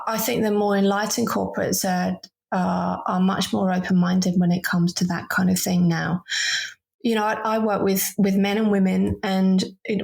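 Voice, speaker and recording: A woman coach speaking in a relaxed podcast interview, her mid-range voice carrying a gravelly fry. She talks thoughtfully, circling back on her words with easy laughs. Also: mid-range voice. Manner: thoughtful, with frequent restarts and soft laughs. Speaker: guest, voice and leadership coach.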